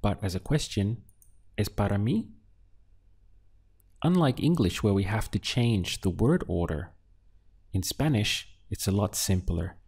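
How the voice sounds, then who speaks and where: A man's voice: on the low side, lively intonation, normal speed, a little mellow, husky. A man teaching a beginner language lesson, patiently prompting the learner and then giving each answer. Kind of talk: slow instructional lesson.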